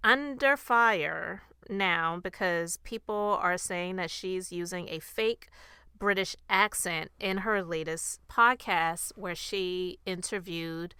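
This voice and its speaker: A woman's voice: lowish voice, slow pace, pushed and bright, smooth, dry recording. A woman hosting her own commentary podcast, talking straight to her listeners in a chatty, opinionated way. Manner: chatty, opinionated, addresses the audience directly. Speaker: host of a commentary channel and podcast. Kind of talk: casual commentary monologue.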